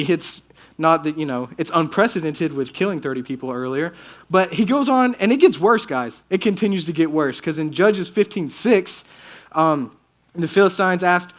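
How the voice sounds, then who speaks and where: A young man with a notably high voice delivers a relaxed youth sermon. He tells the story in an animated, joking way, slipping into slang and quick character voices. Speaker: youth speaker.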